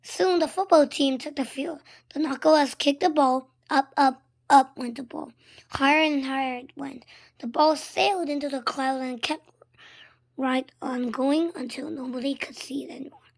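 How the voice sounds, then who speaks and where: High gravelly woman reading a storybook. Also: moderate pace. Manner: expressive, shifting between loud and hushed. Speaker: storybook reader. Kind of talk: reading a children's book aloud.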